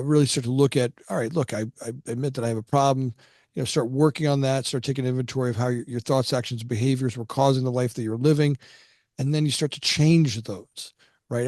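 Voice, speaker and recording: A middle-aged man talks through his past in a loose, rambling storytelling style. He stumbles over and repeats words, slipping into other people's voices when he quotes them. His voice sits at an ordinary pitch, and the sound is dry and close. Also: brisk, a little mellow, dry recording. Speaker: podcast guest. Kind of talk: casual storytelling.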